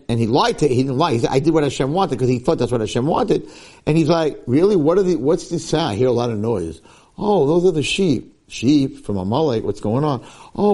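A man, a rabbi giving a Torah class, who acts out quoted dialogue, mixes in Hebrew and Yiddish terms and often repeats words as he restarts. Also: dark tone. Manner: acts out quoted dialogue with sudden jumps in pitch; peppers his talk with Hebrew and Yiddish terms. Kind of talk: animated Torah lecture.

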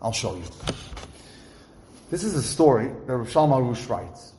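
A man's voice: medium pitch, very animated, moderate pace, warm tone. Earnest man teaching in an echoey room. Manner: earnest, translating Hebrew phrases as he goes. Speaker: Torah teacher. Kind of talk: religious lecture with story. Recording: echoey room with faint background noise.

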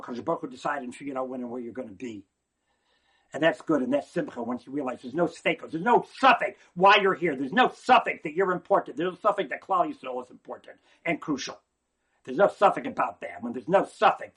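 A man giving an animated religious talk, swinging from hushed asides to near-shouting and often repeating words. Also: medium pitch, husky.

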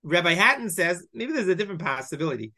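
Man as Torah teacher, clear bright tone, animated delivery, quotes Hebrew then explains. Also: high voice, fast. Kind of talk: classroom Bible lesson.

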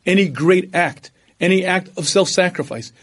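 High-voiced man teaching, clearing his throat often. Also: normal speed. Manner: storytelling, animated quoting of others. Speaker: religious teacher. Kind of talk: lecture on religion.

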